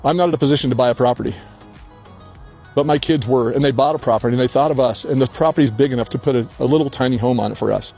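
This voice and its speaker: A man's voice: mid-range voice, very fast, creaky, darkish tone, faint music behind. An older man hosting a personal vlog, speaking earnestly while crying, outdoors on a hillside. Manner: earnest, tearful, heartfelt. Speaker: channel host.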